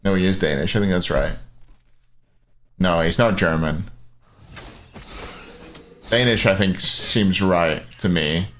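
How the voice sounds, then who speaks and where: A man's voice: low voice, slow, long pauses, a bit bright. A young man casting a live esports match, rambling and joking between plays and swearing casually. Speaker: esports caster. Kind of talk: live game commentary with banter. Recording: faint background noise and clicks.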